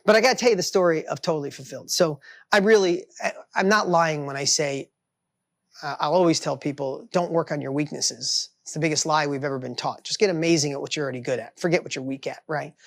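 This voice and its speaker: A man in his fifties telling a personal success story in an animated way, bursting with energy and acting out the voices of people in his story. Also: fairly high pitch, fast talker, creaky, no echo. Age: 50s. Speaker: author and entrepreneur.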